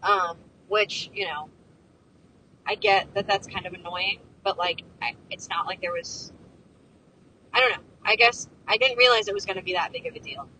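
A woman's voice: medium pitch, normal speed, pushed and bright, poor audio. A young woman telling a story while driving, rambling and exasperated, with lots of fillers and swearing. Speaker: vlogger. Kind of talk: casual storytelling vlog. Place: inside a moving car. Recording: faint car engine noise. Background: faint road and vehicle noise.

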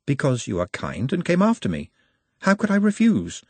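A man reading an audiobook, voicing a young male orc smith who speaks quietly, politely and in a measured way. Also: a little high, huge pitch swings, breathy edge, dry recording, pitched above the performer's own voice, heavily acted. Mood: calm.

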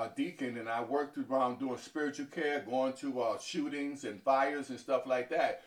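A man from Harlem, New York, a deacon giving halting interview answers that often stumble and repeat words. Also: mid-range voice. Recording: echoey, from far off.

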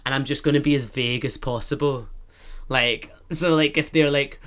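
A man's voice: fairly high pitch, expressive, unhurried. A young man with a Scottish accent, hosting a podcast in rambling casual chat, full of filler words. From Scotland. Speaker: podcast host.

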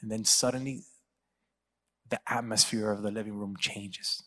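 A man's voice: fairly low pitch, fairly even intonation, normal speed, sharp tone, long reverb tail. A man preaching a sermon as a pastor, telling a story and acting out the people in it. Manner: storytelling, acting out quoted voices. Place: church.

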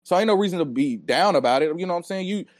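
A man co-hosting a podcast, telling stories in animated, profane casual chat. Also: high voice, racing, no room sound, studio quality. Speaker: podcast co-host.

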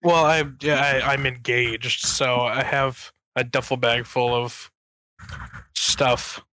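A man in a casual podcast chat, cracking deadpan jokes and telling quick stories. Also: mid-range voice, poor audio. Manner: joking, deadpan quips.

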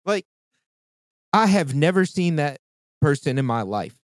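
A man's voice: fairly high pitch, very animated, moderate pace, dry recording. A man in his thirties, hosting a podcast in casual chat and telling a story in a heated, profane rant. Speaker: podcast host.

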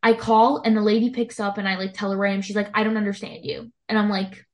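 A woman's voice: mid-range voice, fast talker. A young woman telling a long story in casual chat, filling it with "like" and acting out what people said. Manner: animated storytelling, heavy use of "like", acts out quoted lines.

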